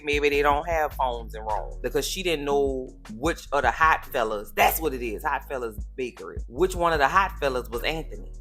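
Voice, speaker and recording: A woman recaps a TV episode in a sassy, blunt, slang-filled chat. Her voice is bright and forceful, and faint music plays underneath. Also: a bass voice. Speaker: TV recap vlogger.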